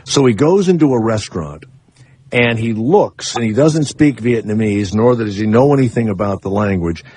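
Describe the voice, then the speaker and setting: A man's voice: normal speed, a little mellow, slightly rough. A man hosting a radio talk show, rambling through comic stories in a sarcastic way and taking calls in a studio. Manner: rambling, sarcastic, swings up high for emphasis. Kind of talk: comic radio monologue and call-in chat. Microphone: studio microphone.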